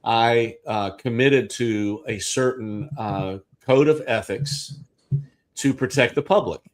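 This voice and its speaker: A man's voice: medium pitch, slow pace. A man hosting a casual livestream discussion as a real estate agent, thinking aloud with restarts.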